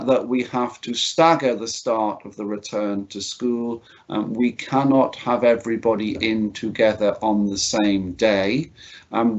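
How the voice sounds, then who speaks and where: A man's voice: medium pitch, highs cut off. Formal British man addressing parents. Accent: British English. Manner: formal and courteous, frequent "uh" and stammered restarts. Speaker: school head addressing parents. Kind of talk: prepared online address to parents.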